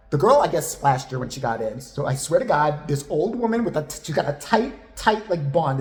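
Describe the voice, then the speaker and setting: A woman vlogger casually recapping a reality show in an animated, gossipy way. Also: extremely low pitch. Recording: echoey room.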